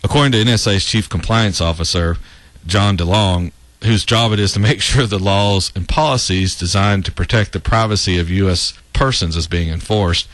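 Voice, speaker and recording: A low-voiced man hosts a talk show and runs through political commentary with open sarcasm, laughing at his own lines. His voice sits deep in the chest. The recording is dry, with no room sound. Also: fairly bright tone, no room sound. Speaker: radio talk show host.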